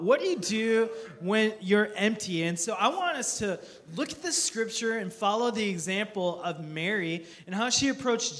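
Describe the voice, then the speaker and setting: A man's voice: high voice, a bit bright. A man preaching a sermon as pastor, earnest and repetitive, often restarting his phrases with small stammers.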